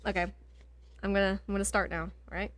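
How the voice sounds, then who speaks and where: A woman co-hosting a casual book podcast from her basement, chatty and giggly, quick to get teary. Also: mid-range voice, little pitch movement, fairly bright tone, dry recording. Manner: giggly, chatty, easily moved to tears. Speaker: podcast co-host. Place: home basement.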